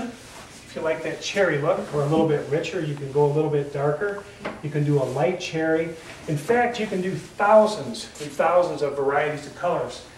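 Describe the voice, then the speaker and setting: A man's voice: a little high, far from the mic, background noise. A man, a wood finishing contractor, walks through finish samples in a plain-spoken, enthusiastic demonstration with many filler sounds. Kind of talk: casual product demonstration. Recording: echoey room, voice off-mic.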